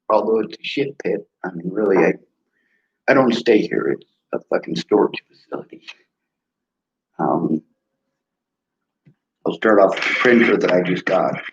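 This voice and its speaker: A man's voice: low-pitched, measured pace, pauses often. A man giving an angry, profane monologue while touring his cluttered small apartment, filming on a handheld phone. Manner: blunt, profane, aggrieved. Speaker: vlogger. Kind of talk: angry monologue and home tour. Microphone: handheld phone camera. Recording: dull lo-fi phone recording.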